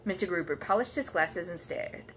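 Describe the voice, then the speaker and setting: A woman reading a children's storybook aloud in an expressive storytelling voice, with faint noise behind her. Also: lowish voice, normal speed. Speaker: storybook reader.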